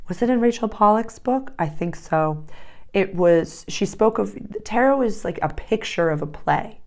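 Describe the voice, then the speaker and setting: A woman with a somewhat low voice talks through astrology and tarot in a casual vlog. She is emphatic and enthusiastic, drifting into rambling asides as she goes. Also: vocal fry. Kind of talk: casual spiritual vlog talk.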